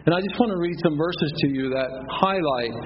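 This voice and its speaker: A man's voice: on the high side, brisk, muffled recording, slight background noise. Earnest man in his forties preaching. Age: 40s. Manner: earnest, repetitive preaching cadence, reads scripture aloud. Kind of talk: sermon.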